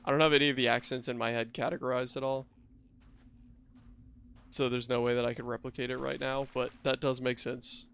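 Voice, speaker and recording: A man's voice: medium pitch, little pitch movement, fairly quick, a bit bright, clean tone. A man casually chatting with his viewers while playing a game, joking and self-deprecating. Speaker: game streamer. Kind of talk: casual live-stream chat.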